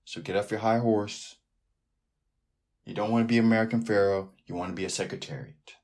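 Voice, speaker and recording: A man's voice: on the low side, brisk. Rambling man hosting a sports podcast. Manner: rambling, animated, riffs off on tangents. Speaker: podcast host. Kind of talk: casual sports podcast monologue.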